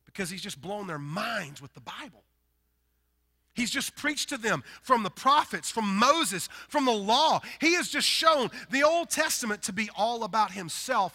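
A man from the Deep South with a Southern accent, preaching a sermon in an animated, emphatic way, swinging between loud bursts and quiet stretches. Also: slightly rough. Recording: long hall reverb.

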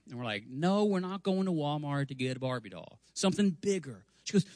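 Male preacher in his 40s, raised voice, dry close sound; animated storyteller who slips into character voices. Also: on the high side, brisk, dry recording. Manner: animated, acts out family voices, stumbles over words. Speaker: guest preacher. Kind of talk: storytelling sermon. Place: church sanctuary.

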